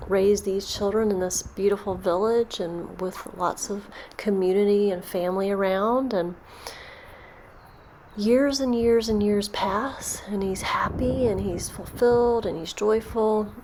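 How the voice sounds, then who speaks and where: A woman guiding a storytelling meditation, speaking softly and slowly. She repeats phrases in a calm, gentle rhythm at a middle pitch. A faint hiss sits under her voice. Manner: slow, soft, repetitive storytelling. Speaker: meditation guide.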